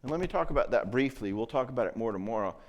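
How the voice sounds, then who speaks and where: A middle-aged man speaks to a conference audience about marriage in a loose, conversational way. His voice sits at an ordinary middle pitch. He often stops to check in with the listeners. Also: animated, racing, a little mellow, dull audio. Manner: conversational, acts out quoted voices, frequent check-ins.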